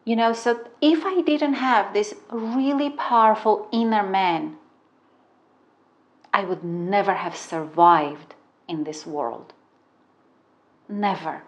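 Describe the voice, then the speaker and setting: A middle-aged woman who isn't a native English speaker tells a dramatic personal story as a relationship coach, swearing freely. Her medium-pitched voice is slow with long pauses, and the highs are cut off.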